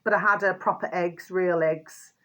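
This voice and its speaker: A woman's voice: fairly low pitch, steady tone, moderate pace, bright, forceful tone. Rambling Brummie woman vlogger. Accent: Birmingham with a hint of Yorkshire. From Birmingham, England. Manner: rambling, repeats pet phrases, stumbles over words. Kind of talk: casual chat to camera.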